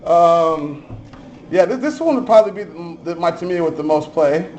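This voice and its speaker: A man's voice: on the high side, moderate pace, darkish tone, muffled recording. A man giving a casual, chatty show-and-tell of his hobby cars, offhand and swearing now and then. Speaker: RC hobby vlogger.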